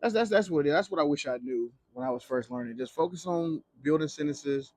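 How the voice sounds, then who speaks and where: This young vlogger, a Spanish teacher living in Mexico, talks to camera with loose, slangy language tips full of fillers and swearing. His voice is a little high and expressive, fairly quick and a bit mellow, in a dry recording.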